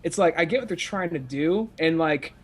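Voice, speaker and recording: A young man in casual podcast chat, rambling and profane, full of fillers and restarts. His voice sits a little high for a man. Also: lively intonation, normal speed. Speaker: podcast co-host.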